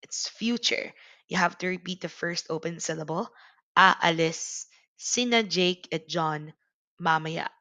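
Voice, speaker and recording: A woman teaches grammar patiently and step by step. She speaks slowly in a slightly low voice. The sound is close and dry, with almost no room around her. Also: sharp tone, no room sound. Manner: patient, explains step by step with examples. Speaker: language teacher. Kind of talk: grammar lesson.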